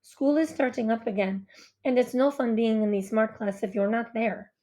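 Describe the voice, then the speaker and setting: A woman's voice: on the high side, fairly even intonation, moderate pace, natural voice. A woman voicing a polite, earnest young Bengali boy with a light Indian accent. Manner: polite, earnest, soft-spoken.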